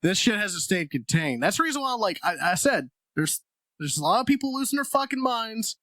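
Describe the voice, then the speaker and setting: A man's voice: sits high, very animated, a little fast, sharp tone, no room sound. A man co-hosting a comedy podcast, rambling and swearing in casual chat and laughing often. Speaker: podcast co-host.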